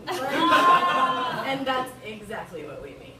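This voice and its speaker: Giggly high-voiced woman doing stand-up. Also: sing-song, measured pace, bright, forceful tone. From Bolivia. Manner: giggly, crude, rambling, laughs often. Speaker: stand-up comedian. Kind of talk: stand-up comedy set. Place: small venue with live audience. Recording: roomy, distant live room recording with noise.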